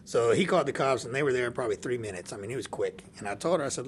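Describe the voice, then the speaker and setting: A man of middle pitch tells a story in casual podcast chat, full of life, often laughing and playing out each person's lines. A faint hum of ambience sits behind his voice. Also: a little fast. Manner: animated, laughs often, acts out dialogue. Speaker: podcast guest.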